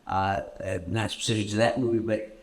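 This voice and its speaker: A man from Canada answering audience questions at a festival screening, halting and repeating words often as he tells stories. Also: on the low side, flat delivery. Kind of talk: festival Q&A storytelling. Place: festival stage Q&A.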